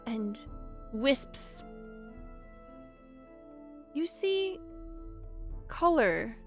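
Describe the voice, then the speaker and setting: A woman narrating as game master of a tabletop game, with slow, soft storytelling. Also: fairly high pitch.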